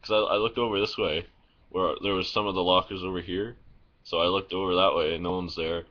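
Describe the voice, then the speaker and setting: A man's voice: deep voice, fairly even intonation, fairly quick, a bit bright, muffled recording. A young man vlogging in a casual, rambling way, telling stories full of fillers, restarts and swearing, recorded on a phone. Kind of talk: casual vlog storytelling.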